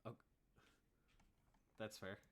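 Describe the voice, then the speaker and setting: A man's voice: extremely slow, a bit bright. A man narrating as game master of a tabletop game, laid-back and full of fillers.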